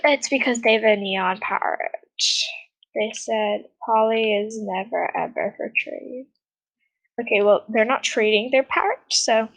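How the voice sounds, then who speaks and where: Poor audio captures a woman's fairly high, fairly bright voice as she rambles through casual gameplay commentary on her gaming channel. She has a non-American accent and often sighs and giggles while chatting.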